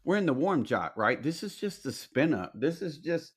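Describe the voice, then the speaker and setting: This Alabama man, a military veteran guesting on a podcast, spins animated war stories full of slang and swearing, performing the dialogue he quotes. His pitch is fairly high, with a breathy edge and a moderate pace.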